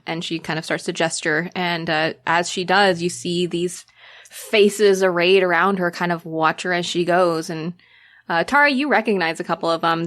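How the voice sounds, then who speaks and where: A woman game master narrating a tabletop horror game in an unhurried way, with fillers. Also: lowish voice, fairly bright tone.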